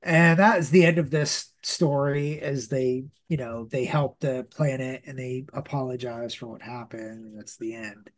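A man's voice: mid-range voice, unhurried, hardly any pauses. A man hosting a podcast, casually recapping a comic book story with lots of fillers and restarts. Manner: rambling, many fillers and restarts. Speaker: podcast host.

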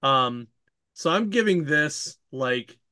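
A man's voice: fairly high pitch, expressive, slow pace, pushed and bright, no echo, studio quality. A man hosting a casual book chat, recapping a plot in a rambling way, laughing often and leaning on lots of fillers. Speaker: podcast host reviewing books.

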